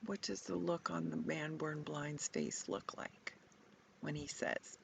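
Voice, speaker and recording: A woman's voice: sits low, sing-song, vocal fry, a little hiss or hum. A woman guiding an imaginative Bible contemplation, asking reflective questions and sometimes dropping to a whisper. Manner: slow, reflective, prompting questions, at times whispered. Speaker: retreat leader guiding contemplation.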